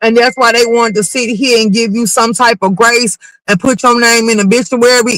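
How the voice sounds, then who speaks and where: A woman hosting a casual livestream gossip commentary. She talks in an animated, blunt and profane way and keeps reacting to her chat. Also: a little high, no room sound, low-quality recording.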